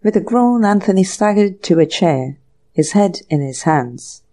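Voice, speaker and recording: A woman narrating a classic mystery audiobook in a measured storytelling manner. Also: mid-range voice, lively intonation, dark tone. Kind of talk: scripted narration.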